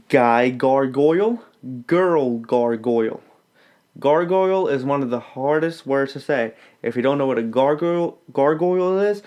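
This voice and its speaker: A young man giving a casual tutorial on stage pronunciation, demonstrating tongue twisters slowly and clearly. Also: mid-range voice, a little mellow. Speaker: acting coach.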